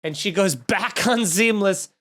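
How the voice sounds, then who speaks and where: A man's voice: sits high, a little slow. Indignant comic man ranting. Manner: animated, indignant, swearing, rising to mock outrage. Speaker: comedian podcast host. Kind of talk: comedic rant storytelling.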